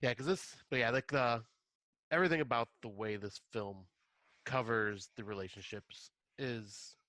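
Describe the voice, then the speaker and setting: A man co-hosting a podcast in easygoing chat, his voice mid-pitched with a bright, forceful edge. The sound is dry, with no room around it. He agrees readily, hedges his points, and lifts his voice to act out dialogue. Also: normal speed, no room sound. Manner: agreeable, hedging, acts out dialogue in a raised voice. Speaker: podcast co-host. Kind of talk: casual chat.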